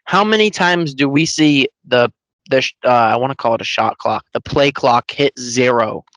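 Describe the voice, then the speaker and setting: On a casual podcast, a male co-host launches into long, heated, run-on sports complaints, cursing freely. His mid-range voice is a bit bright and moves at normal speed. There's no echo, but the audio quality is poor.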